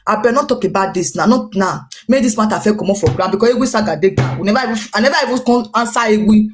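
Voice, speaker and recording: A woman speaking in a Nigerian Pidgin English accent pours out a long, rambling account at a very fast clip, circling back over the same points. She acts out snippets of what others said as she goes. Her voice sits at a middling pitch for a woman. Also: music in the background. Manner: rambling, repetitive, animated retelling with quoted dialogue. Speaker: social media personality. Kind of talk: gossipy storytelling recounting a dispute.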